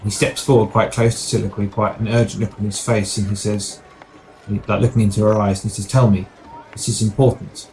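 A man's voice: lowish voice, little pitch movement, fairly quick, background noise. A man narrating his character's actions in a tabletop game, wry and descriptive, with fillers.

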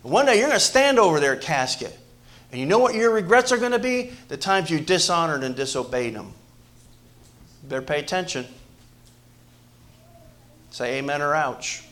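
Man preaching with a high voice. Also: moderate pace, pauses often. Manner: animated preaching, swings from loud emphasis to hushed asides; repeats words and restarts phrases. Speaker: pastor. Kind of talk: sermon.

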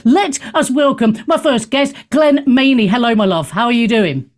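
A woman runs a radio talk show with a blunt, straight-talking delivery. Her voice sits a little high and she keeps the chat opinionated and animated, speaking from a studio. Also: normal speed.

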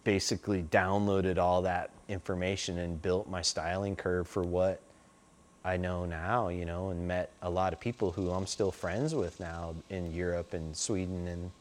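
A man's voice: sits low, level tone, normal speed. A middle-aged man telling stories in a loose, rambling way, full of "like" and "you know". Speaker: interview guest. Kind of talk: casual storytelling.

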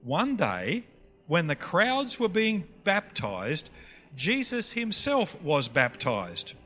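A man with a North Queensland Australian accent preaches a teaching session, quizzing the audience with questions. His voice is high-pitched, bright and forceful, swooping wildly in pitch at a slow pace. A long hall reverb and faint music surround him.

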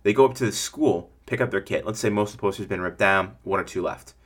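Speaking fast with a breathy edge, this podcast host has a fairly low voice and coaches small-business owners in a casual style. He rambles energetically, frequently acting out imagined customers' voices to drive his points home.

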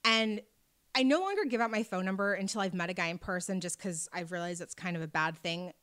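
A woman chatting casually, telling an animated story and acting out the people in it. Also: on the low side, brisk, smooth. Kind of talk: casual chat.

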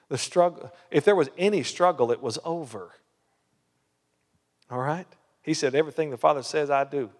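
A man's voice: mid-range voice, long reverb tail. A man preaching a sermon as a pastor, emphatic, with many rhetorical questions. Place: church hall.

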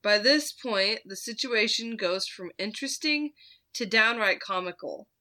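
A woman's voice: mid-range voice, a little slow, pushed and bright. A woman host casually telling a story from her retail job, laid-back, swearing freely and laughing at her own tale.

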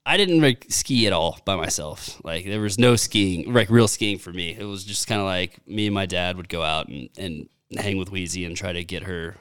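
A man's voice: deep voice, normal speed, few pauses, smooth, dry recording, clean studio sound. A man in his thirties co-hosting a casual golf podcast, telling stories with lots of swearing and acted-out quotes. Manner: animated storyteller, swears freely, acts out quotes. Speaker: podcast co-host.

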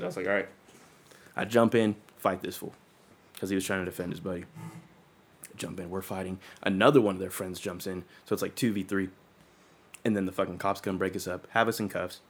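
A man's voice: sits low, flat delivery, fairly quick, pauses often, a little hiss or hum. A young man casually telling a story, swearing freely and acting out what people said in slangy talk. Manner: profane, slangy, acts out quoted dialogue.

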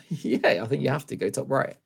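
Male co-host, gravelly voice, relaxed casual chat. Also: medium pitch, normal speed. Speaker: podcast co-host. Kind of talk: casual gaming podcast chat.

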